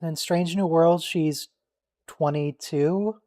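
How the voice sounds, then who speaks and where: A man hosting a casual watch-along stream, joking and quickly reacting to what's on screen and teasing his friends. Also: fairly high pitch, fairly even intonation, mellow. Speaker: stream host.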